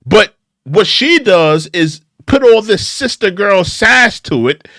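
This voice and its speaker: A man's voice: sits high, big pitch swings, slow pace, pushed and bright, no room sound, clean studio sound. A man hosting an opinion show, giving critical commentary on clips and repeating his phrases for emphasis.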